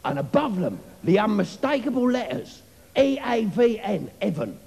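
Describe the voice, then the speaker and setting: A loud, swaggering show-off, as a male comedian puts him on, tells his tale. His voice is high and bouncy with a gravelly rasp. He rings out through a reverberant club with faint room noise. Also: big pitch swings, moderate pace, heavily acted. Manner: brash, swaggering storytelling. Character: brash, boastful cockney working man. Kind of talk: live stand-up character comedy. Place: comedy club stage, live audience. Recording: reverberant live venue, faint ambience.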